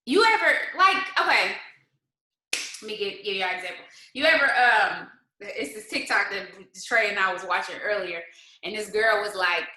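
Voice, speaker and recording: Expressive and sharp, her medium-pitched voice keeps a normal pace during a casual live-stream pep talk at home. She is a motivational host who asks rhetorical questions rapidly and mixes faith-based encouragement with colloquial comments and much laughter. It's recorded in an echoey room at low quality.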